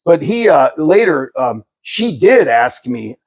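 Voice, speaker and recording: Middle-aged man, Pittsburgh accent, animated storyteller, husky voice, big swings in pitch. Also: slow. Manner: animated, laughing, acts out voices in anecdotes. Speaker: artist telling stories. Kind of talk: casual storytelling chat.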